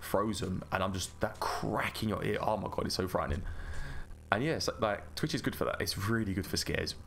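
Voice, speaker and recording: A man's voice: fairly low pitch, fairly quick, vocal fry, fairly bright tone, a little hiss or hum. A man rambling and chatting with an easy laugh while he gives casual gameplay commentary as a gaming YouTuber.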